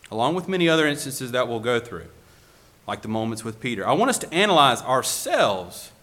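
A man's voice: mid-range voice, fairly bright tone. A male preacher giving a sermon, asking the congregation one rhetorical question after another.

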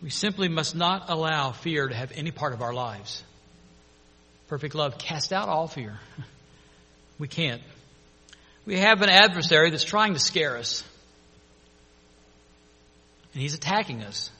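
A man preaching a sermon, telling a story in an earnest, animated way. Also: fairly high pitch, unhurried, long pauses, husky. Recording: long hall reverb.

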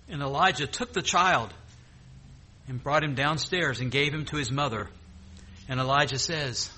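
Man preaching, very bright, husky, animated retelling with jokey asides. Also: medium pitch, moderate pace, pauses often. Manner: lively, jokey asides between read verses. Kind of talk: sermon retelling scripture.

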